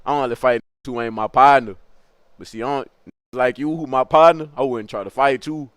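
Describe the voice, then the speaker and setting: A man's voice: medium pitch, normal speed, fairly bright tone, no room sound. Rambling, slangy male storyteller. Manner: slangy, rambling, laughs at his own story. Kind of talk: casual comedic storytelling.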